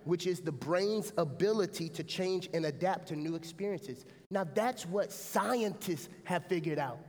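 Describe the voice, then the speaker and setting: A man preaching a lively sermon as pastor, often turning to the congregation with a quick "right?". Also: high voice, long reverb tail. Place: church sanctuary. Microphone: stage mic.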